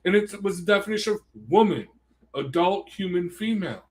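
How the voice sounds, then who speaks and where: Animated man with a raised voice. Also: sits high, brisk. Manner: animated, rambling, heated storytelling. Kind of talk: casual conversation.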